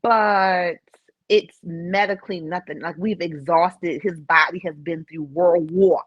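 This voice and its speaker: A woman's voice: on the low side, unhurried, breathy edge, no echo. Woman telling an emotional story. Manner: emotional, animated storytelling with laughs. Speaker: podcast guest. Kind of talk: personal storytelling. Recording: slightly dull dry recording.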